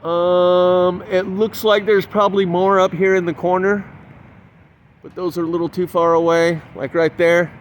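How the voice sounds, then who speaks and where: A man's voice: high-pitched, flat delivery, measured pace, highs cut off. A man, walking around a stone building outdoors and talking casually to his own camera as he points things out. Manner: chatty, pointing things out, counting aloud. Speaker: vlogger. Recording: outdoor handheld camera, faint street noise.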